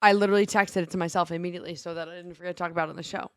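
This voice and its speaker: A woman co-hosting a morning show, telling a story in casual chat and acting out the people in it with lively voices. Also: on the low side, very fast, dry recording, studio quality. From Seattle area. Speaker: radio show co-host.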